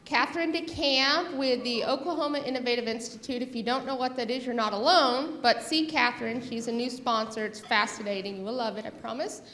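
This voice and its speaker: Cheerful high-voiced woman thanking sponsors. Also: brisk, hardly any pauses, a bit bright. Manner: cheerful, chatty. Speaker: sergeant-at-arms reading sponsors. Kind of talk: meeting announcements. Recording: roomy hall with faint noise.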